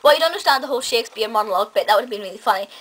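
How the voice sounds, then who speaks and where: A woman with a high voice chats through a casual review vlog. She gushes with enthusiasm and keeps correcting herself with little laughs. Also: animated, very fast, a bit bright, poor audio. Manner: gushing, enthusiastic, self-correcting with small laughs. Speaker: film and TV reviewer.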